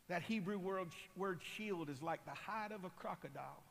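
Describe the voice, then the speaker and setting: A man preaching a sermon, impassioned and building to loud cries. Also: sits high, normal speed, vocal fry, hardly any pauses. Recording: long hall reverb.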